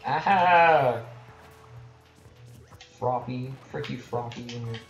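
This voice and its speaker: Brief: casual male game streamer, joking and rambling, echoey room with loud game music. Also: medium pitch, fairly quick, highs cut off. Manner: rambling, self-deprecating, chatting with viewers. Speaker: gaming livestreamer. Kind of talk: casual live commentary while gaming. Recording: roomy echo with game music behind.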